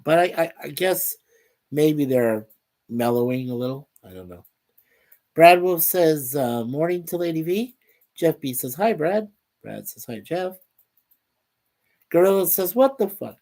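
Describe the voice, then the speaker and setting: A man's voice: fairly high pitch, a little mellow. Chatty man hosting a live stream. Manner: rambling, reads chat messages aloud; upbeat and easily delighted. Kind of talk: casual live stream chat.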